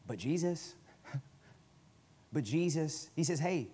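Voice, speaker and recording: Man preaching with sudden loud bursts. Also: mid-range voice, animated, normal speed, a little hiss or hum. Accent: Southern US. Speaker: guest preacher. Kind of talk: sermon. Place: church sanctuary.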